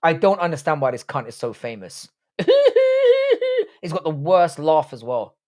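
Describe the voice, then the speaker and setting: A young man from the UK hosts a live stream, reading viewer comments aloud and answering them bluntly and with plenty of swearing. His pitch jumps around a lot as he reacts. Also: expressive, brisk. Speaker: livestream host.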